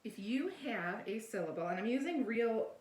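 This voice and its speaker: A woman's voice: a little high, expressive, normal speed, darkish tone, distant mic, slight background noise. A woman teacher giving a recorded video lesson, explaining patiently step by step and often checking in with "all right?". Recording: echoey room, voice a bit off-mic.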